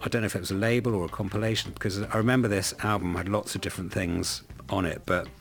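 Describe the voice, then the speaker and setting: Man, middle-aged, very low voice, gravelly, rambling chatty guest. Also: fairly even intonation, fast talker, soft background music. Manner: rambling, self-correcting storyteller. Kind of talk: casual chat.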